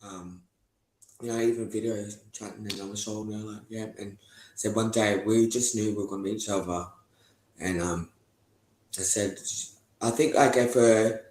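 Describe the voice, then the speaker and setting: A man's voice: on the low side, steady tone, normal speed, a little mellow, slight background noise. A young man giving a candid, rambling interview testimony, swearing often and laughing between thoughts. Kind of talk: candid casual talk. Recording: echoey room.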